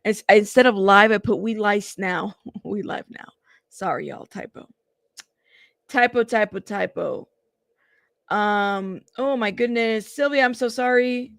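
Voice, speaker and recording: A woman's voice: mid-range voice, a little slow, creaky, fairly bright tone. A tired woman hosting a casual livestream and greeting viewers by name. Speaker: livestream host.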